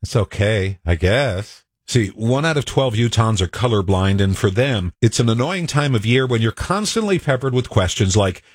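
Wry, lively-voiced male radio commentator. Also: medium pitch, normal speed, few pauses, slightly rough, no echo, clean studio sound. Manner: wry, conversational storytelling.

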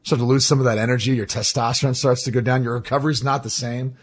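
A man's voice: medium pitch, fairly even intonation, quick pace, breathy edge. A man co-hosting sports radio, reading a supplement ad live in a casual, joking way.

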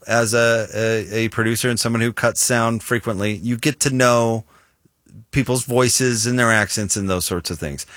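Male radio host, Utah accent, bright tone, talkative and animated. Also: medium pitch, no room sound, studio quality. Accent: Utah, American. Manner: chatty, animated when arguing a point. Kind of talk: casual radio banter.

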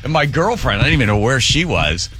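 Animated, joking male radio host. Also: medium pitch, fast, faint music behind. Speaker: radio talk show host. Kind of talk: casual on-air chat, storytelling.

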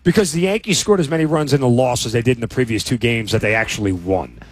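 A man's voice: mid-range voice, fast talker. A man co-hosting a sports radio show, talking in a sarcastic, heated and emphatic way. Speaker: co-host.

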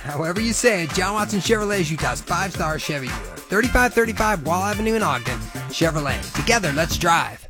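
Quick, lively dealership announcer over a clear music bed. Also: medium pitch. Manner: playful, upbeat. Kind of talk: scripted comedic radio ad.

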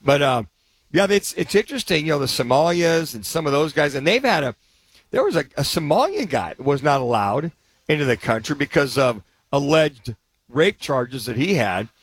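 Male sports talk co-host, higher-leaning, casual storyteller, dry close studio sound. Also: very animated, moderate pace, husky, dry recording. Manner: rambling, anecdotal, frequent restarts.

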